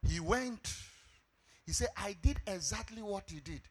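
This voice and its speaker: A middle-aged Ghanaian pastor preaching a sermon, telling a story with animated delivery and shouted emphasis. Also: male voice, high-pitched, unhurried, breathy edge.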